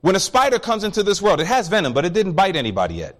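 Talking very fast in a high register, this preacher works through a psalm in his sermon. He tells lively stories and keeps asking the congregation questions.

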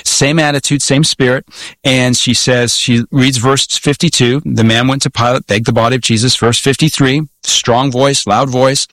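A man's voice: mid-range voice, moderate pace, no echo. A man who is a pastor from the United States, recounting a preaching story in conversation and acting out the dialogue and scripture readings. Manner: animated storyteller who acts out quoted dialogue and reads scripture aloud.

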